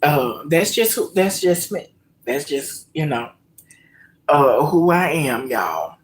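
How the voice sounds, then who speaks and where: A woman chatting live with her viewers before cooking. She talks slowly and openly, stretching out her pauses. Her voice sinks to near-whispers when she gets emotional. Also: sits low, sing-song. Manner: slow, heartfelt, emotional, addresses viewers as y'all. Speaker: cooking vlog host. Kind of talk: casual live-stream chat.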